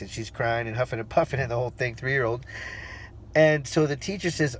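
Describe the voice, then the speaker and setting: A man in his forties telling a personal story in a relaxed, rambling way, with fillers and restarts, acting out the voices he quotes. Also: medium pitch, moderate pace, husky. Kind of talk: casual spoken storytelling.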